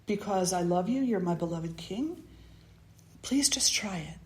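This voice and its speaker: A woman voicing a humble, elderly beggar man who speaks softly and pleads gently, in an echoey room. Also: mid-range voice, lively intonation, a little slow, close to an everyday voice. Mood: pleading. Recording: roomy echo.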